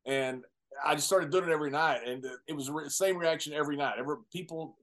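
A man's voice: fairly high pitch, quick pace. Laughing older man telling wrestling stories. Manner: animated, laughing storyteller. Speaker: retired pro wrestler, guest. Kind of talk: casual storytelling chat.

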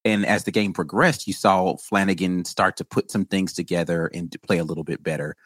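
Deep, husky man on a podcast. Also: fairly even intonation, fairly quick, no room sound. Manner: opinionated, stumbles and restarts words. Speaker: podcast co-host. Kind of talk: casual sports podcast chat.

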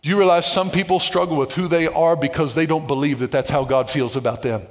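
A man preaching a sermon as pastor to a congregation, playful and dynamic, moving between soft asides and shouted emphasis. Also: on the high side, steady tone, fast talker. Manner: playful, with humorous asides and call-outs to the congregation.

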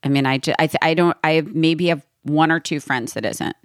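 A woman's voice: low-pitched, fairly even intonation, normal speed. Chatty woman podcast host. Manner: chatty, agreeable. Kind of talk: casual chat.

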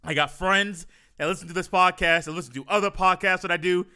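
A man hosting a podcast with a high, bright, very clear voice. He talks fast and is animated and goofy throughout. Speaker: podcast host.

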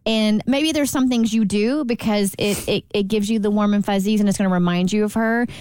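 A woman podcast host who talks in a gentle, consoling way and speeds up in bursts. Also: mid-range voice, brisk, smooth, no echo, studio quality. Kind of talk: casual podcast conversation.

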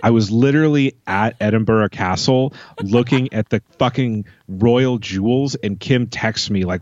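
A man's voice: on the low side, moderate pace, few pauses, a little mellow, no room sound, lo-fi sound. A man co-hosting a podcast in casual chat, sarcastic and swearing freely. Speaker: podcast co-host.

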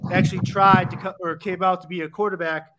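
A man hosting a podcast, asking rambling, halting questions of his guest. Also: high voice, level tone, very noisy. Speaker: podcast host. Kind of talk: interview questions.

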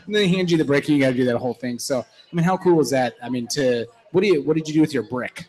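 A man's voice: mid-range voice, fast talker, hardly any pauses, noisy background. A man co-hosting a casual sports chat, joking and teasing the guest. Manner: jokey, teasing, animated. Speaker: podcast co-host.

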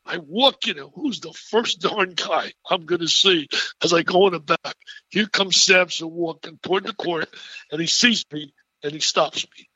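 Man in his eighties, animated storyteller, bright forceful voice, muffled lo-fi sound. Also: fairly high pitch, moderate pace, no echo. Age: 80s. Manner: excitable, animated storyteller with frequent laughs. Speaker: guest. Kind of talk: enthusiastic storytelling interview.

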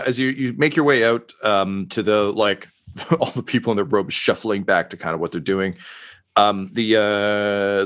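A man's voice: on the low side, a bit bright. A young adult man narrating as game master, loose and full of hesitations. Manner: full of fillers and restarts.

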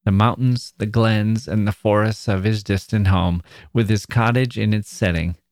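A man, a podcast host, reading a classic short story aloud in a measured storytelling manner. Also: lowish voice, fairly even intonation, a little mellow, no room sound, studio quality. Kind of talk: literary reading.

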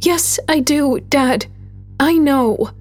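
A woman's voice: sits high, extremely slow, a little mellow, faint music behind, voice pushed up. A woman voicing a frightened but brave young girl, urgent and pleading.

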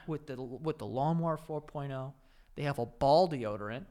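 A man's voice: mid-range voice, normal speed, mellow. A man co-hosting a podcast, reading an ad in a casual, jokey way and laughing at the copy. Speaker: podcast co-host. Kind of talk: casual chat with ad reads.

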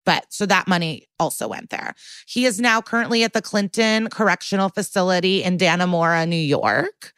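A woman's voice: fairly low pitch, normal speed, fairly bright tone, smooth, dry recording. Chatty woman co-hosting a podcast. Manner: chatty, blunt, peppered with fillers. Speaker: podcast co-host. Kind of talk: casual chat.

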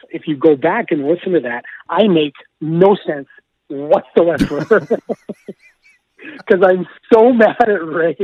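A man, a hockey broadcaster, telling stories in an animated way, laughing often and repeating himself as he goes. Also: high voice, dry recording. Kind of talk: animated storytelling. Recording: tinny phone-like line, dry.

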